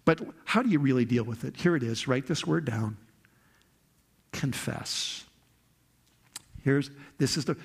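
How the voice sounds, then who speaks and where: A middle-aged man preaching a sermon to a congregation, shifting from slow, quiet confiding to loud, high-pitched outbursts. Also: husky. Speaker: pastor. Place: church hall before a congregation.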